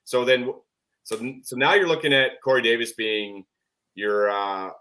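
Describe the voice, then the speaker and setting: A man's voice: medium pitch, unhurried, pushed and bright. A man on a casual sports talk show, blunt and matter-of-fact, swearing casually. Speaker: co-host.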